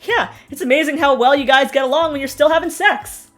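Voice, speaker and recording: A woman's voice: high voice, a little fast, a bit bright, faint music behind. A young woman giving snarky, sarcastic recap commentary on a reality show, with mocking asides. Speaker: TV recap host.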